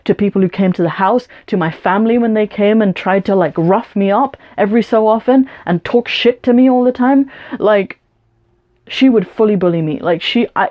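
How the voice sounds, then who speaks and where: A woman's voice: mid-range voice, warm tone. A young woman, telling a personal story to camera in a blunt, indignant rant full of swearing and "like". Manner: blunt, profane, indignant, with lots of "like" and "um". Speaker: vlogger.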